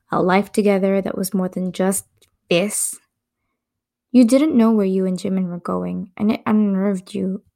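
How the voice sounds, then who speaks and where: Gravelly-voiced woman reading fan fiction. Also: medium pitch. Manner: soft, breathy storytelling with whispered stretches. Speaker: podcast host.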